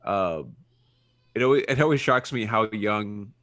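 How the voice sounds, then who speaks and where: A man co-hosting a podcast, talking casually about movies and searching for words as he goes, getting animated when something puzzles him. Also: on the low side, unhurried, no room sound, studio quality. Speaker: podcast co-host.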